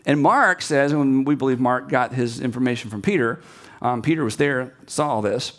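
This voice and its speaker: Animated, lively-pitched man preaching. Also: moderate pace. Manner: animated storyteller who acts out quotes and drops to quiet emphasis. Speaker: pastor. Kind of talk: sermon-style talk to seminary students.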